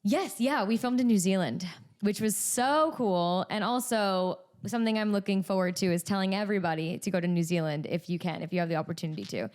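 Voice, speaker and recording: A woman's voice: mid-range voice, fairly quick, hardly any pauses, darkish tone. A woman in her twenties, chatting casually as a podcast guest, full of "like" and "um". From United States. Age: 20s. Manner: chatty, many fillers like "like" and "um". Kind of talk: casual interview chat.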